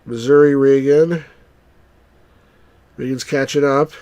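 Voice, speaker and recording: A man from New Jersey chatting wryly through a live game stream, now and then cheering out loud. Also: medium pitch, slow, dry recording. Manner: chatty, wry, bursts into excited cheers. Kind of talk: live let's-play commentary.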